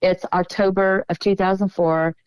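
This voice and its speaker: A woman's voice: mid-range voice, little pitch movement, normal speed, clear, resonant tone, dry recording, rough recording. A middle-aged woman guest on a podcast, telling a long story in a casual, meandering way and often stopping to correct herself.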